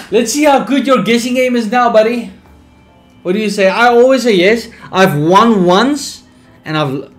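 A young man casually commenting on a survival game, reading its text aloud, laid-back and sleepy with sudden bursts of excitement. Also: high-pitched, normal speed, faint music behind. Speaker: streamer.

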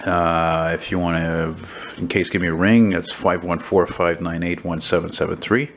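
A man's voice: low voice, fairly even intonation, moderate pace, slight background noise, poor audio. A man, chatting in a rambling, filler-heavy way as he talks to a handheld camera in his studio. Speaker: painter vlogger. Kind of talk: casual handheld vlog chat. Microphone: handheld camera mic.

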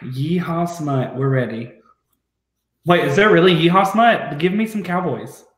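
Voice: mid-range voice, animated, moderate pace, reverberant. A co-host on a book club livestream, chatting over a video call in an enthusiastic, teasing way. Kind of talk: casual livestream chat.

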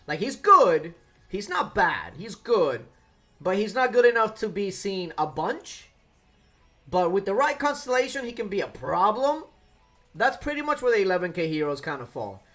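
Brief: male game streamer, casual and lively, swings his pitch a lot, faint music underneath. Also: normal speed. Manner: animated, talks to chat and coos to his cat. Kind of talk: casual live-stream chat.

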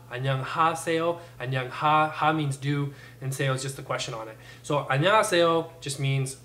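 A man's voice: a little high, a bit bright, reverberant. A young man giving a playful, jokey language lesson, sometimes exaggerating how he moves his mouth. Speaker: language teacher.

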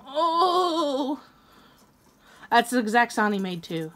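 A woman's voice: high-pitched, sing-song. Young woman raging over an online shooter. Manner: quick to rage, swears and yells at other players. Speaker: gaming channel host. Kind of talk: live gameplay commentary.

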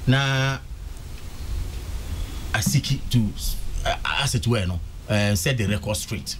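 A man's voice: mid-range voice, takes it slowly, slight background noise. A Ghanaian man talking politics on a studio panel, emphatic and repeating words for stress. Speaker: political commentator.

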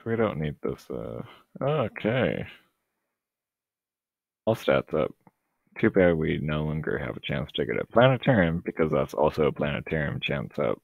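Young male gamer, very deep with a gravelly fry, losing his voice; hesitant, dry sarcasm; tinny, dead-dry mic. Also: big pitch swings, fairly quick, no echo. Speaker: gameplay commentator. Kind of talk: casual let's-play commentary.

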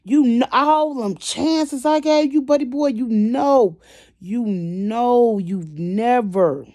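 A woman vlogger venting to her viewers, emotional and swinging between quiet and loud, constantly addressing them directly. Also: a little high, slow pace, no echo, studio quality. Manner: emotional, repeats "y'all" constantly. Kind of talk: venting to camera.

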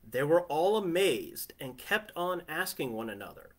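A man's voice: a little high, sing-song, a little slow. A man preaching a sermon from his family living room in a conversational way, often asking listeners "right?". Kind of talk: home sermon.

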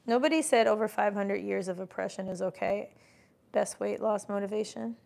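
Gravelly woman, emphatic live-stream host. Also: medium pitch, normal speed, a little mellow. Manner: emphatic and motivational, reading chat comments aloud; mimics doubters in mocking voices. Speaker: livestream host and business coach. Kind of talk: casual live-stream talk.

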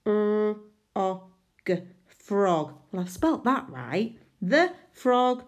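A woman teaching a phonics lesson to small children, her pitch bouncing high and low as she sounds out each letter. She speaks slowly and deliberately and pretends to make mistakes so the children can correct her. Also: expressive. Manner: sounds out letters, makes playful mistakes on purpose. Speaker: primary school teacher.

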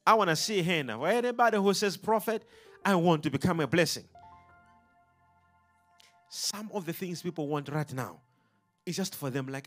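Animated male preacher, lively high voice. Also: moderate pace, pauses often, faint music behind. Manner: animated preaching with call-and-response questions. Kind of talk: sermon.

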